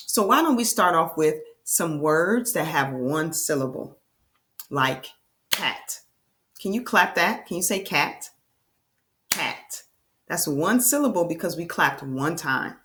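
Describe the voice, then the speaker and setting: A woman teacher leads young children through a reading lesson. Her voice sits a little low but swings widely in pitch. She speaks slowly and enthusiastically, with sing-song prompts. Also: fairly bright tone.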